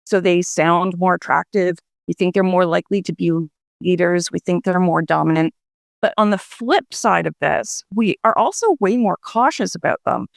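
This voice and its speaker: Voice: mid-range voice, moderate pace, vocal fry, dry recording, studio quality. A guest explaining voice research in a radio interview, talking it through with fillers and restarts.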